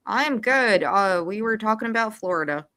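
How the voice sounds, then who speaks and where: A woman's voice: mid-range voice, animated, moderate pace, fairly bright tone, dry recording. A woman hosting a casual livestream chat, giggling often and trailing off mid-thought. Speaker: stream host.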